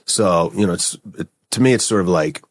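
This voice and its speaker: A man speaking as a podcast guest in a very deep voice, casual and easygoing, often tagging his points with "right?". The sound is dry and close to the mic. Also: brisk, no room sound. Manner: casual, frequent "right?" and "like" fillers. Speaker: podcast guest, company founder. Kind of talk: conversational interview.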